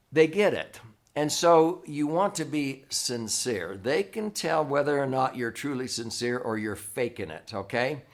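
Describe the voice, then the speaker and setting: Man teaching in a conversational monologue. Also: mid-range voice. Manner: conversational, checks in with frequent "okay?". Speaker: host, financial educator.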